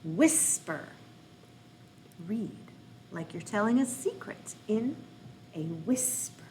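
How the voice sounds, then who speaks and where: Slow, lively-voiced American woman librarian. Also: medium pitch, a little hiss or hum. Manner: encouraging, cheerful, slow and expressive. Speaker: children's librarian. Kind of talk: reading lesson for children.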